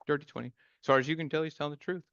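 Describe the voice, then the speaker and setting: A man's voice: on the high side, fairly even intonation, rapid-fire, gravelly, a bit bright, clear, resonant tone, no echo, highs cut off. A man narrating as game master in a loose, conversational way, restarting his sentences often.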